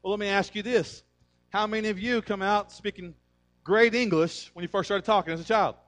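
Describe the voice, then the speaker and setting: A male pastor delivers a sermon with emphatic energy, pressing his points and calling on the congregation to answer back. His voice sits high for a man. Between points he slips into a relaxed, conversational telling of stories. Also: a little fast. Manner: conversational storytelling.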